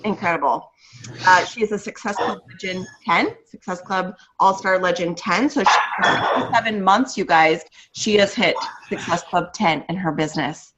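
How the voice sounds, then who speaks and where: A woman's voice: fairly low pitch, normal speed. An upbeat woman hosts a video call and introduces her guest with eager praise. She rattles off achievements, stumbles into a few restarts, and keeps going. A faint hiss sits under her voice. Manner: enthusiastic, reads off achievements with restarts. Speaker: host introducing a guest speaker.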